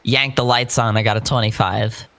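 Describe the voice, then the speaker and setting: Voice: mid-range voice, moderate pace, dry recording. A player in a tabletop game, joking and cursing casually while declaring actions. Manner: lively, joking, swears freely.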